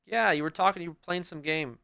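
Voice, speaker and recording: A man livestreaming and chatting casually with his viewers in a rambling, profane, animated way. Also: on the high side, fairly quick, creaky, clear, resonant tone.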